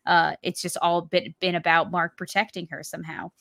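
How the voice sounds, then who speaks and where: A woman's voice: on the low side, level tone, a little fast, a bit bright, no room sound. A woman co-hosting a casual podcast, chatting animatedly and retelling scenes with acted quotes. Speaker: podcast co-host. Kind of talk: casual chat.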